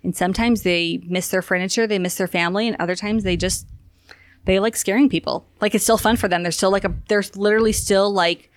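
A woman guest talking casually about her work as a spiritual energy guide, a lively storyteller who acts out the voices of the people in her stories. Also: mid-range voice, a little fast, dry recording, clean studio sound.

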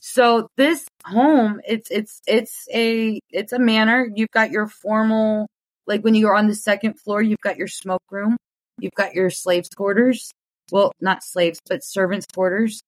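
A woman guest in casual conversation, talking excitedly with many "like" fillers. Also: mid-range voice, unhurried, no room sound, low-quality recording.

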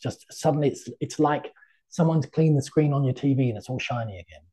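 A man's voice: mid-range voice, brisk, warm tone, slightly rough. A middle-aged man, a tarot reader guesting on an interview, talking in a chatty, anecdotal way with many fillers. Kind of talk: casual interview conversation.

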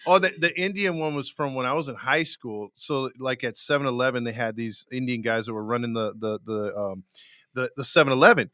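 A man's voice: medium pitch, brisk, fairly bright tone, no echo. A man co-hosting a live podcast, telling stories between laughs. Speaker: podcast host. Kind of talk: casual chat on a livestream.

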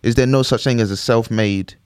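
A man in his podcast chair thinks out loud in casual, searching sentences. His voice sits in a middle register. It is recorded close and dry, with no room sound. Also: mid-range voice, steady tone, fairly quick, clear, resonant tone, dry recording. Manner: conversational, musing, frequent "do you know what I mean". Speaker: podcast co-host. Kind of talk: casual chat.

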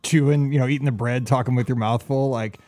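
A man and football coach, a podcast co-host, chatting casually with jokes and animated stories. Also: medium pitch, fast, faint music behind. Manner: jokey, animated storyteller, laughs often. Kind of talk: casual chat.

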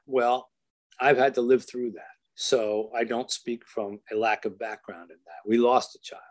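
A man as an interview guest, telling a story in an earnest, measured way and slowing down for emphasis. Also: mid-range voice, fairly even intonation. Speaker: author and guest.

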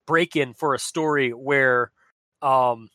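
Chatty male podcast host, bright forceful voice, rambling, dry close sound. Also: mid-range voice, takes it slowly, dry recording. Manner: rambling, many restarts and laughs. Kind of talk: casual chat.

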